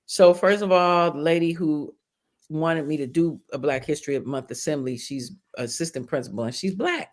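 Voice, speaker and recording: A schoolteacher woman telling stories in casual podcast chat, animated and profane, acting out the people she quotes. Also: sits low, moderate pace.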